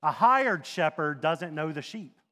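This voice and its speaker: A man preaching a sermon as a pastor, talking in a conversational, animated way with rhetorical questions and asides. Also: on the high side, a little slow, long reverb tail.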